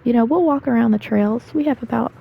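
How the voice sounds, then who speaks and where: Young woman, chatty and rambling, gravelly, husky, slightly high, dull lo-fi mic. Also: fast talker. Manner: chatty, rambling with fillers and asides. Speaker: gaming storyteller. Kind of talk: casual storytelling while gaming.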